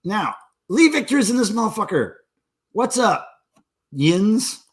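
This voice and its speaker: A man's voice: sits high, sing-song, a little slow, slightly rough. A man in his forties hosting a casual livestream, drinking beer and joking crudely with viewers in the chat. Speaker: livestream host.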